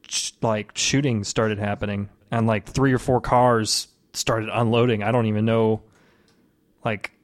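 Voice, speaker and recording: A man's voice: mid-range voice, close to an everyday voice. A man voicing a wounded male police officer who talks bluntly and curses offhandedly. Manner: cursing, offhand, rambling.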